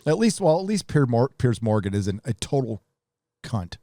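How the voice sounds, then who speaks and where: A man hosting a live stream, ranting bluntly and profanely in a casual, halting way. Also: mid-range voice, sing-song, dark tone, no room sound, studio quality. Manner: casual, with restarts.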